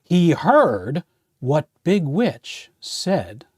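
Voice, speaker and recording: A man's voice: on the high side, big pitch swings, very slow, darkish tone, husky, no echo, clean studio sound. A man hosting a children's storytime as a playful vampire count, reading a picture book aloud. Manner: playful, theatrical vampire host. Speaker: children's librarian playing a vampire count host.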